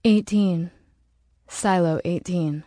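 A woman reading an audiobook in slow, measured, dramatic narration. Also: lowish voice, warm tone, no room sound. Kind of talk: scripted narration.

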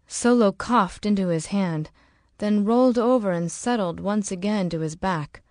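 A woman reading an audiobook in slow, measured, dramatic narration. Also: mid-range voice, a little mellow, no room sound, studio quality. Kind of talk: scripted narration.

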